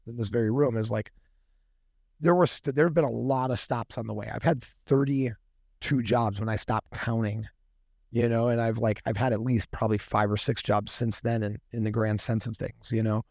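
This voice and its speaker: Speaking with a medium-pitched, darkish voice, a company founder guests on a podcast and shares anecdotes casually and energetically. He curses often and plays the people in his stories. The sound is dry and clean, captured in a podcast studio.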